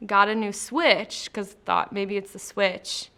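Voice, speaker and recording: A woman's voice: mid-range voice, steady tone, takes it slowly, gravelly, sharp tone. A woman in a casual interview, chatty and laughing easily, explaining her post-production job between light questions. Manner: chatty, laughing, filler-heavy. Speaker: post-production traffic manager, interview guest. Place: company studio.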